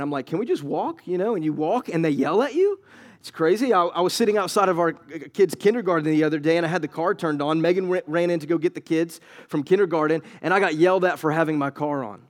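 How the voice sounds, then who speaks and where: A man with a notably high voice delivers a sermon. He chats through anecdotes in an easy way, then presses scripture with rising force. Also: fast talker. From United States. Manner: storytelling, building to emphatic preaching. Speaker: pastor.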